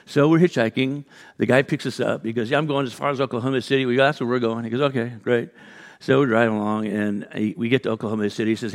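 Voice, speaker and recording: A male pastor delivering a sermon, his voice sitting at an ordinary middle pitch. He talks loosely and animatedly, slipping into fillers and restarts as he acts out the people in his story. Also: steady tone, fast talker. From California.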